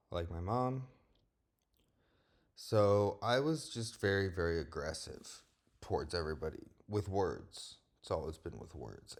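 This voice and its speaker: Deep-voiced man, candid and profane. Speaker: vlogger. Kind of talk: personal monologue.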